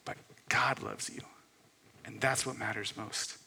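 A pastor in his thirties preaching a sermon, earnest, rising to loud emphasis and dropping to soft near-whispers. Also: on the low side, steady tone, measured pace, creaky, breathy edge. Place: church sanctuary. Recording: long hall reverb.

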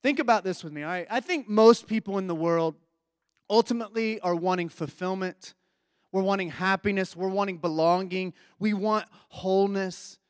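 A man's voice: high voice, moderate pace, clear, resonant tone, dry recording, studio quality. A man preaching a sermon in a conversational, reflective way, often asking his listeners questions.

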